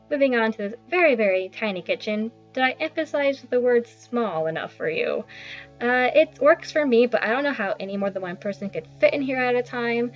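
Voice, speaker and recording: Chatty young woman on an apartment tour. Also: medium pitch. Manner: chatty, self-deprecating, rambling asides. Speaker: vlogger giving a home tour. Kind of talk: casual narration of an apartment tour. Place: small basement apartment. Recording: slightly dull lo-fi sound with faint background music.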